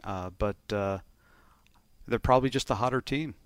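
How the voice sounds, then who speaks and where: A man's voice: fairly low pitch, normal speed, clear, resonant tone, no room sound. A man who works as a bookmaker, casually and methodically explaining betting lines on a podcast, laughing easily. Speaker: sportsbook bookmaker, co-host.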